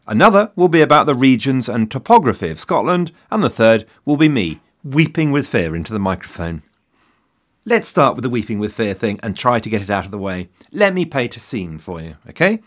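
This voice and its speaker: A man's voice: mid-range voice, a bit bright. An English man in his fifties hosting a solo history podcast, wry and self-mocking, with theatrical asides. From England. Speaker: podcast host. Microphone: studio mic in a shed.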